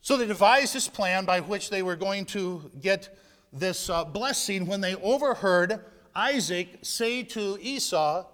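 A man preaching a sermon, retelling a Bible story with lively shifts between loud narration and hushed asides. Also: high-pitched, measured pace. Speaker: pastor. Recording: long hall reverb.

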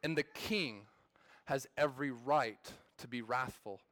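A man's voice: mid-range voice, a little slow, a bit bright, dry recording. A man in his thirties preaching a sermon as pastor, in a conversational way that restarts and repeats words.

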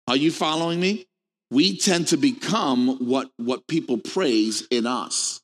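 A middle-aged man preaching a sermon to a congregation, animated and playful, acting out quoted people in a raised voice. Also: mid-range voice, a little slow. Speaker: pastor. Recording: long hall reverb.

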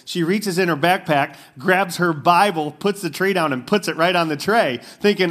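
A man's voice: high voice, normal speed, hardly any pauses, a bit bright. Casual, talkative male pastor preaching. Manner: casual, conversational preaching with fillers and asides. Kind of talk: sermon.

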